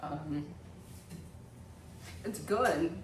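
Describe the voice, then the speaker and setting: A woman's voice: sits low, very slow, reverberant, distant mic, a little hiss or hum. A young woman hosting a casual comedic reaction to comments, blunt and laughing often.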